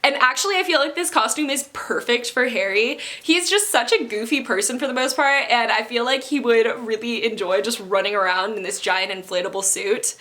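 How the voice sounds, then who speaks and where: A woman's voice: on the high side, brisk, hardly any pauses, sharp tone. A young woman chatting casually in a vlog, giggly and rambling with lots of fillers. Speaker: book vlogger.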